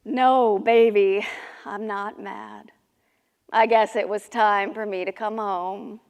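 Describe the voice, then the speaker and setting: A woman on stage voicing a father, a middle-aged man who is worried about his daughter, then gentle with her. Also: fairly high pitch, slow pace, voice pushed down. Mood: tender. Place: live theater stage. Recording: reverberant hall.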